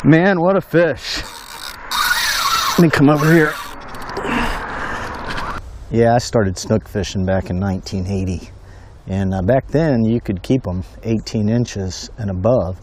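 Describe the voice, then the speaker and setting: A middle-aged man filming his own fishing trip, telling folksy stories and whooping with excitement over his catch outdoors on a bridge at night. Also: on the low side, a little slow, pauses often, noisy background. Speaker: fishing vlogger. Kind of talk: casual fishing commentary.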